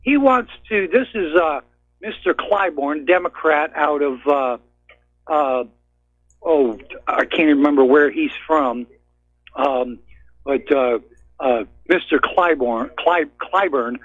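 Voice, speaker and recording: A man's voice: on the high side, no room sound. A man calling in to a radio show, ranting in a furious, blunt and profane way. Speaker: caller. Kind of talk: angry call-in rant. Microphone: telephone. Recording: tinny phone line.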